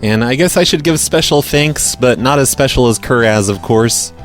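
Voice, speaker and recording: A man's voice: mid-range voice, normal speed, faint music behind. Sarcastic, stammering man. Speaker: prank call show host. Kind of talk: casual podcast commentary.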